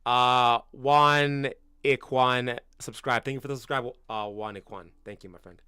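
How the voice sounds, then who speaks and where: A young man in his twenties from Canada streams about football, talking casually to his viewers at a middle pitch. His voice sounds dry and close. He is slangy and blunt, keeps calling people bro, swears freely, and flares up loud and disbelieving. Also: steady tone, unhurried, smooth, no echo. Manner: gets loud and incredulous in bursts. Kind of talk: casual livestream chat reacting to viewers.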